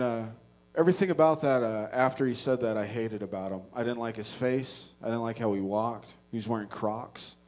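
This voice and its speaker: A man doing stand-up, telling a story with profane, animated delivery that swings between loud outbursts and low muttered asides. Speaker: stand-up comedian. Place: comedy stage before a live audience.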